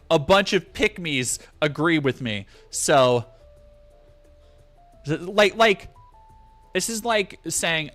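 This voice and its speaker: A man commenting on a game he streams, sarcastic and ranting with plenty of swearing. His voice is bright and somewhat high. Soft music plays behind him. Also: animated, slow, pauses often.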